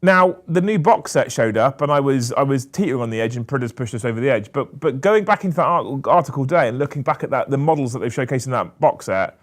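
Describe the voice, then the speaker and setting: Animated man chatting on a podcast. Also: mid-range voice, quick pace, hardly any pauses. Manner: animated, swears, laughs often. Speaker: co-host. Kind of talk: casual podcast chat.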